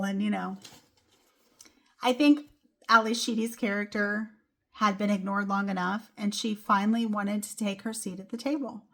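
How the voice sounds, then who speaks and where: A woman's voice: mid-range voice, normal speed. A young woman hosting a solo motivational podcast, talking casually with lots of "like" and "you know.". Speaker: podcast host.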